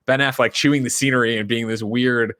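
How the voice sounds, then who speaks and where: A man's voice: mid-range voice, steady tone, a little fast, bright, forceful tone, no room sound, studio quality. A man co-hosting a podcast, recapping a movie's scenes in casual chat and acting out the lines. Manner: recaps scenes animatedly, acts out quotes. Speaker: podcast co-host.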